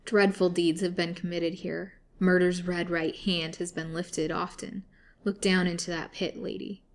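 A woman's voice: on the low side, level tone, a little slow. A woman voicing a starving imprisoned woman who pleads desperately, in a storybook reading. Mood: pleading. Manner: imploring, mournful storybook reading.

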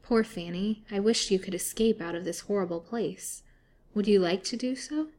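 A woman voicing a gentle but brave young girl in a storybook reading. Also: medium pitch, normal speed, close to an everyday voice.

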